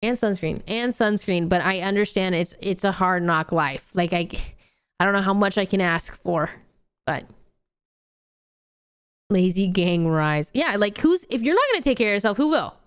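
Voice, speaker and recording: A woman's voice: medium pitch, lively intonation, fairly quick, clean tone. Blunt, swearing woman streamer. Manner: blunt, swears often, scolding and playful. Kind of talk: casual chat with viewers.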